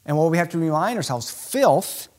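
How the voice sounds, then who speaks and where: A man preaching a sermon with emphatic, animated delivery. His voice sits high for a man and swings widely in pitch. He speeds up and slows down to land each point. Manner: animated, emphatic preaching with sudden shifts in pace. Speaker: pastor.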